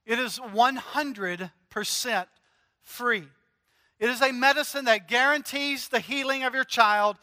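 A man's voice: extremely high pitch, unhurried, bright, forceful tone. A man preaching a sermon as pastor, earnest and emphatic, driving points home through repetition. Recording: long hall reverb.

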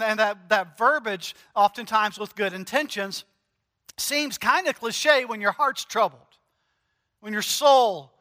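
A man preaching a conversational sermon, animated and joking as he speaks straight to the congregation. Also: high-pitched, big-room sound. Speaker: pastor.

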